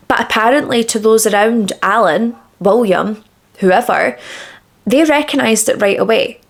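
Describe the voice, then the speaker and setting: A woman hosting a true crime channel, telling a case in a chatty, dramatic way while doing her makeup, on a small clip-on mic. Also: medium pitch. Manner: chatty, dramatic and emphatic, with repeated words. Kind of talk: casual true crime storytelling during a makeup routine. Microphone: small clip-on microphone.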